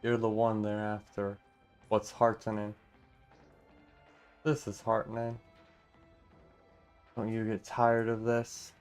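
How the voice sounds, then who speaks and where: Guy reading a game story out loud, slow and smooth, kinda low, faint music in the back. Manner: reads all parts in a steady, mostly plain voice with asides. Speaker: channel host reading a game story aloud.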